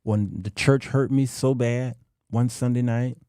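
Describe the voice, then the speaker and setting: A middle-aged man hosting a talk show, delivering a slow, emphatic monologue to men with long dramatic pauses. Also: medium pitch, steady tone, dark tone, smooth, dry recording, clean studio sound.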